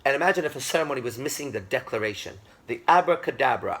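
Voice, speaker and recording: A man's voice: mid-range voice, lively intonation, fast, gravelly, a bit bright. A man giving a classroom lecture, speaking with emphasis, repeating himself and checking that the class agrees.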